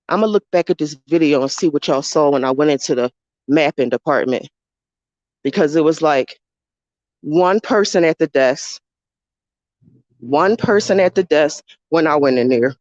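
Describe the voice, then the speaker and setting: A woman's voice: low-pitched, lively intonation, measured pace, pauses often, a little mellow, dry recording, lo-fi sound. Woman ranting heatedly into a phone. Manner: heated, profane, repetitive. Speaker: livestreamer. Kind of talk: live-streamed rant to viewers.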